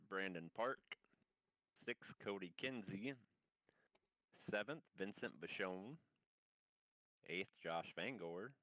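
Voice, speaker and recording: Low, muffled race caller. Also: male voice, bright, forceful tone, no echo. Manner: reads a long lineup, stumbling on names. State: under the weather, muffled voice. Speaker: race commentator. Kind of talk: live sim racing commentary.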